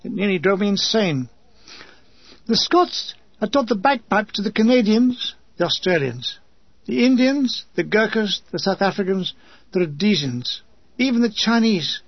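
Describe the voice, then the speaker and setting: A man's voice: sits high, big pitch swings, normal speed, breathy edge, dry recording, dull audio. A man reading a memoir in a dry comic storytelling manner. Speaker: narrator. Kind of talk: scripted memoir narration.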